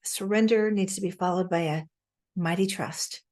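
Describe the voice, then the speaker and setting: A woman's voice: fairly low pitch, darkish tone. Earnest, emotional woman on a video call. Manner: earnest and emotional, laughs often, pauses to look things up. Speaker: spiritual astrology teacher. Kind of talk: casual spiritual talk on a video call.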